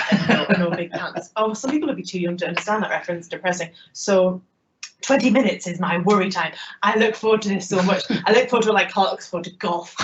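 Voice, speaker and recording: Lively woman telling funny stories. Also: lowish voice, highs cut off, a little hiss or hum. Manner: lively, self-mocking, quick asides. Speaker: keynote speaker. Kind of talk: humorous personal storytelling talk.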